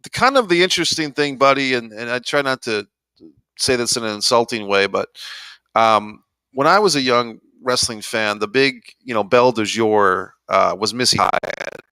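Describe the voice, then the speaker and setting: A man's voice: medium pitch, moderate pace, sharp tone, clear, resonant tone, no room sound, poor audio. A man co-hosting a podcast, rambling through stories in a laid-back, casual way with lots of fillers. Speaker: podcast co-host. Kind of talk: casual chat.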